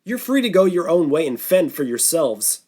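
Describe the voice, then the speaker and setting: A man's voice: mid-range voice, expressive, normal speed, breathy edge. A man voicing a stern middle-aged doctor who takes charge of a group of survivors in a storybook. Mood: commanding. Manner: commanding, stern.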